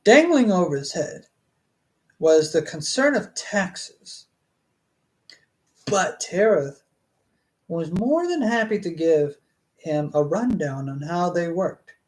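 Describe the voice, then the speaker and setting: A man's voice: high-pitched, very animated, takes it slowly, pauses often. A man reading a novel aloud on a live stream, stumbling over words and breaking off for chatty asides and jokes. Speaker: book reader and streamer.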